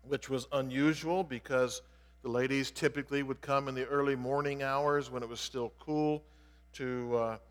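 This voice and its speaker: A man's voice: medium pitch, fairly even intonation, normal speed. A man preaching an explanatory sermon in an earnest way, stressing key words as he teaches. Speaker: pastor. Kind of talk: expository sermon. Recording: long reverb of a large hall.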